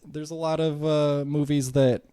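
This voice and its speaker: A man's voice: on the high side, a little slow, clear, resonant tone, no room sound. A man co-hosting a podcast, chatting casually about a film, joking and acting out lines from it. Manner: relaxed, joking, acts out movie lines. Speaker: podcast co-host.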